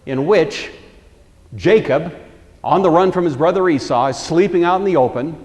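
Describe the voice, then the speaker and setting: A man's voice: fairly high pitch, normal speed, darkish tone, big-room sound. A man teaching a Bible lecture in a conversational storytelling way, acting out the quoted lines.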